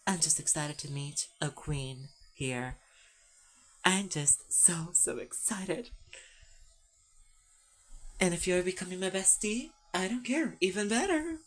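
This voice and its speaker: Woman playing an excitable diva, gushing and lively. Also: lowish voice, slow pace, pauses often. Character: glamorous sassy trans woman diva.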